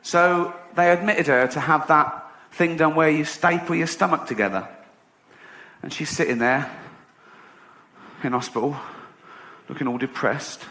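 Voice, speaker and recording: Sardonic English stand-up comedian. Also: male voice, on the high side, a little slow, pauses often, bright, forceful tone. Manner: sardonic, profane, laughs at own jokes.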